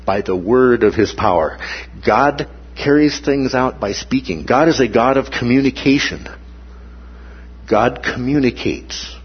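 Husky-voiced man preaching, lo-fi. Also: mid-range voice. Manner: conversational preaching, frequent "okay?" and "right?" check-ins. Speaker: pastor. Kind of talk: sermon.

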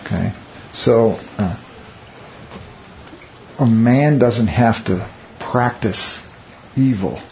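A man's voice: mid-range voice, drawn-out words, pauses often. A man leading a Bible study in a conversational teaching style. He asks the group rhetorical questions and makes wry, teasing asides. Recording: muffled lo-fi recording with faint hiss.

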